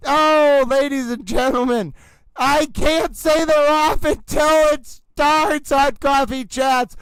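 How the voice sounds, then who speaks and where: A man's voice: extremely high pitch, steady tone, slow pace, fairly bright tone, no echo, low-quality recording. A man hosting a comedic livestream, talking like an overwrought horse-race announcer with theatrical exclamations. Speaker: livestream trial commentator.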